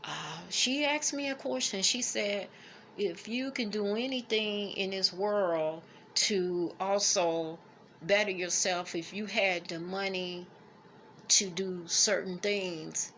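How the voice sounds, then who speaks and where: Slow, gravelly woman holding back tears. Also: medium pitch, a bit bright, slight background noise. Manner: emotional, halting, fighting back tears. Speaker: vlogger. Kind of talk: personal reflection to camera.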